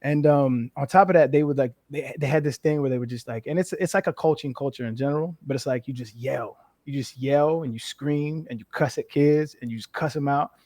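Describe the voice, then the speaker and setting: A man in his thirties from the western United States, a former football player speaking as a guest, telling candid, animated stories laced with profanity. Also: medium pitch, fairly quick, hardly any pauses, dry recording. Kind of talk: casual conversational interview.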